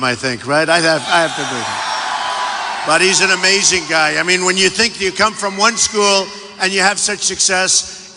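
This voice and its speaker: A man gives a campaign rally speech in a big hall, repeating his points and bragging. His voice sits high and comes out sharp and tense. Long arena reverb trails every phrase over a faint background hiss. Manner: repetitive, emphatic, boastful, with shouted asides. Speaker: political candidate. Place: large indoor rally venue.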